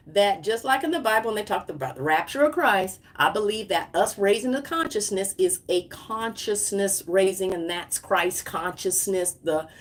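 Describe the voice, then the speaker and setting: A woman talks slowly and easily to her livestream viewers, laughing often as she rambles through spiritual musings and oracle cards. Her voice sits at an ordinary middle pitch, and she trails off and restarts her sentences in a casual way. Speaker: psychic livestream host. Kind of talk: casual livestream talk with card reading.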